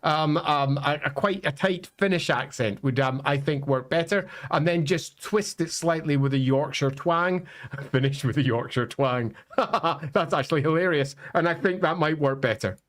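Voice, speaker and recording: Male co-host, slightly higher voice, easygoing and hesitant. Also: normal speed, few pauses, a bit bright. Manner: easygoing, hesitant with many fillers. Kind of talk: casual lore chat on a livestream.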